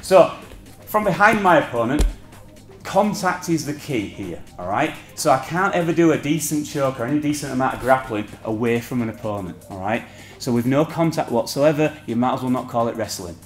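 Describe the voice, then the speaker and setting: A man's voice: mid-range voice, lively intonation, fairly quick, echoey room, faint music behind. A man teaching a martial arts technique on a partner, explaining each step and checking in with frequent "okay?"s. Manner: explanatory, keeps checking with "okay?" and "all right?".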